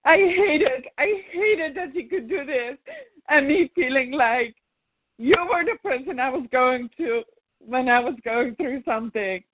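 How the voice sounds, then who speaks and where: A woman's voice: sits high, expressive, unhurried. A woman in a therapy session, angrily venting and swearing at her partner, repeating her words. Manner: furious, swearing, repeating herself. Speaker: therapy client. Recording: tinny dry phone-like sound.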